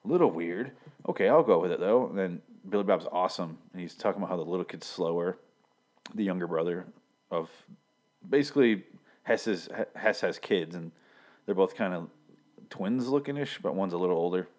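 A man's voice: sits low, a little fast, a little mellow. A young man from Michigan casually recapping a TV episode, rambling with lots of fillers and swearing as he quotes scenes. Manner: rambling, profane, many fillers, quoting scenes. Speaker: TV episode reviewer.

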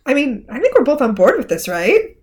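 Woman co-host, fairly high voice, animated and swearing in casual recap chat. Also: fairly quick. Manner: animated, exclamatory, swears freely. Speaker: podcast co-host.

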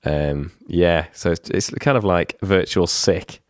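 Laid-back man, low voice. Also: takes it slowly, no echo, clean studio sound. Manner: loose, swearing, rambling with many fillers. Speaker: podcast co-host. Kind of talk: casual podcast chat.

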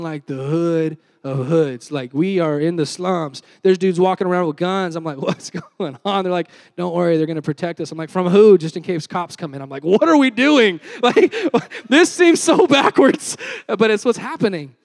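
A man's voice: high voice, a little mellow, no room sound. A young man preaching a sermon, telling a personal story and calling the crowd to respond. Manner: storytelling, addresses crowd as y'all, call and response. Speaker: youth pastor.

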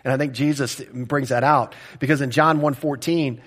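A male pastor preaching an expository sermon at an average pitch. He talks in a conversational, direct way. He often checks in with the listeners. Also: steady tone, moderate pace, a bit bright, slightly rough.

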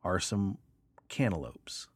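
A young man co-hosting a podcast, telling a story in a casual, animated way and acting out voices in the quotes. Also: sits low, slow, breathy edge, dry recording. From Texas, raised in Kansas. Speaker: podcast co-host.

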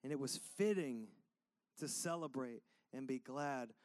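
A preacher putting on a patient, loving father who speaks low and soft. He sounds gentle and reassuring. The recording is close and dry. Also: very fast, dry recording, lightly acted. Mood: tender. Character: patient loving father calming his son.

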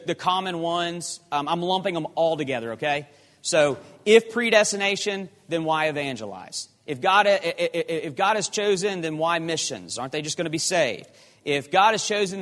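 A man preaching a sermon, emphatic and animated, firing off rhetorical questions. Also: fairly high pitch. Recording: long hall reverb.

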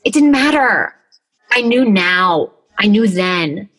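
Candid, bright-voiced woman talking casually. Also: mid-range voice, expressive, slow, husky, low-quality recording. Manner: candid and emotional, heavy use of filler words, swears freely. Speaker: podcast co-host. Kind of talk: casual conversation. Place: closet.

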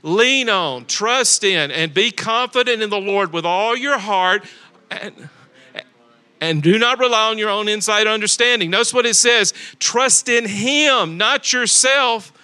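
A male pastor preaching with a high, bright and forceful voice. He talks emphatically, repeats words for weight and keeps asking his congregation rhetorical questions. It sounds like a church service. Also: moderate pace, clean tone. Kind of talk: sermon. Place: church sanctuary.

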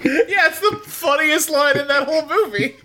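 A man's voice: extremely high pitch, moderate pace, heavy background noise. A man co-hosting a podcast, chatting casually and wryly. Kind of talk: casual chat.

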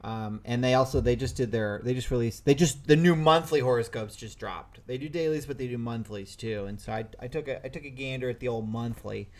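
A man co-hosting a casual podcast, chatty and quick to joke. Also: medium pitch. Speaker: podcast co-host.

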